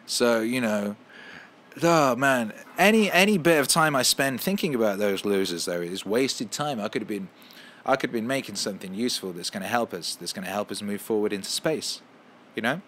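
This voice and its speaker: A man hosting a casual podcast at home, ranting with heavy swearing and loud heated outbursts. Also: on the low side, lively intonation, normal speed, a little hiss or hum. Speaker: podcast host.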